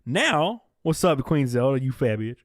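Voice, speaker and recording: Animated livestream host guy, dry close sound. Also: mid-range voice, moderate pace, no room sound. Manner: animated, reads donations aloud, laughs at own jokes. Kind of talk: casual livestream chat.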